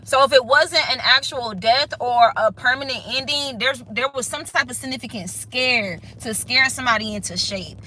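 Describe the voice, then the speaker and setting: A woman's voice: fairly high pitch, normal speed, few pauses, pushed and bright, slight background noise, rough recording. A woman giving a casual spiritual reading in a blunt, profane, emphatic way, often checking in with "okay?". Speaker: tarot reader.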